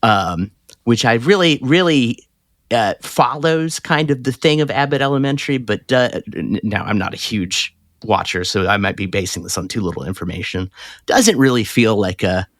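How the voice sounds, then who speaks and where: A man co-hosting a podcast in casual chat, animated and laughing often, with a Southern US accent. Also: moderate pace, dry recording, clean studio sound. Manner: animated, laughs often, mimics lines in a higher voice. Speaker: podcast co-host.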